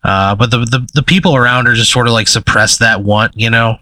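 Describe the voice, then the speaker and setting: A man's voice: medium pitch, fairly even intonation, brisk, bright, forceful tone, no echo, poor audio. A young man co-hosting a podcast, spinning a rambling hypothetical story full of "like" and "you know", on a close mic. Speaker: podcast co-host. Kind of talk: improvised storytelling.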